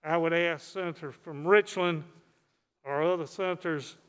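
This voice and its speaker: Older man, state senator, formal floor speech, high-pitched, smooth, long chamber reverb. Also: fairly even intonation, a bit bright. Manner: folksy, unhurried, with restarts. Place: large legislative chamber.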